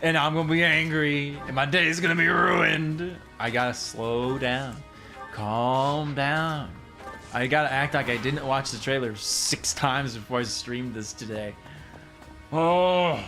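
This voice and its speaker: A man casually commentating his gameplay, excitable and rambling, repeating himself and laughing often. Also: on the high side, moderate pace, gravelly, hardly any pauses, over music. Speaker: streamer.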